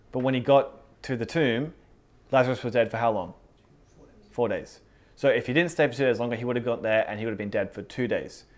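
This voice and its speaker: Man teaching a small-group Bible study, casual and animated, mid-range voice. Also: medium pitch. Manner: animated, laughs often, reads scripture then comments. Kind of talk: casual Bible teaching, reading verses aloud.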